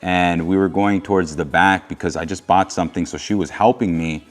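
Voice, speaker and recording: A young adult man co-hosting, talking casually in a relaxed, earnest way. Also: low-pitched, brisk. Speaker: co-host recounting his proposal. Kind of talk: casual chat.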